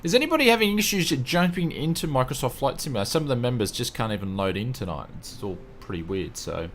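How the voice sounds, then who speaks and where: A man's voice: mid-range voice, animated, fast talker, a little hiss or hum. A man hosting a casual livestream, chatting and greeting viewers one by one. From Australia. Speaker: livestream host.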